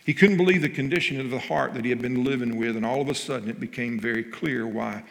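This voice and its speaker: Male preacher, gravelly voice, booming church hall echo, builds to emphatic lines. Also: fast talker. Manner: animated storytelling, rising to emphatic preaching. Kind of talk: sermon with story. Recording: long hall reverb.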